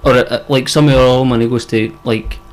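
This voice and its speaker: A man's voice: mid-range voice, fairly even intonation, a little fast, poor audio. A young man with a Scottish accent, co-hosting a podcast in casual chat, rambling with lots of fillers and casual swearing. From Scotland. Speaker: podcast co-host.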